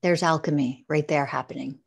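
A woman with a low-pitched voice leads a guided meditation. She speaks in a slow, soothing cadence and keeps repeating gentle affirmations. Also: fairly even intonation, gravelly, husky. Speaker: guest, spiritual teacher. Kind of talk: guided heart-centered meditation coaching.

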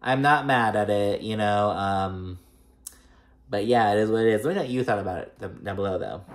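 A man with a lowish voice talks a little fast over slight background noise, casually recapping a reality show episode. His chatty, rambling retelling is full of "like" and "girl."

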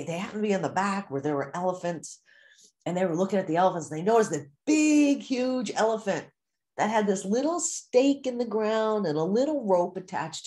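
An animated woman coach teaches her course group in a mid-pitched voice. She talks it through plainly and acts out the inner voices people hear in everyday moments. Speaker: mindset coach for golfers.

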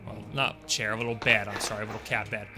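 A man's voice: on the low side, little pitch movement, fast, over music. A young man streaming a video game, chatting casually and joking with his viewers. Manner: chatty, jokey, talks to chat. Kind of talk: casual gameplay commentary.

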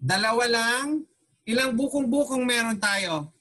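A man's voice: extremely high pitch, lively intonation, moderate pace, pushed and bright. A man teaching an online Tagalog class, patiently repeating questions and mixing Tagalog with English.

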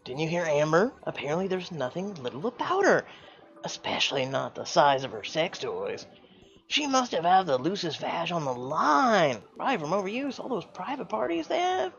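A man's voice: high voice, very animated, normal speed, gravelly, fairly bright tone, highs cut off, soft background music, pitched above the performer's own voice, exaggerated voice. A man voicing a snide, catty teenage girl in a mobile story game, with a sneering, mocking delivery. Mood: taunting. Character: snide catty teen girl, mean gossip.

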